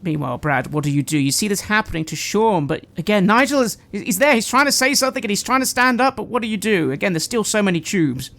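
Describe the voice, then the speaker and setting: A woman narrating a tabletop horror game as game master, with measured, dramatic description. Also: mid-range voice, expressive, a bit bright.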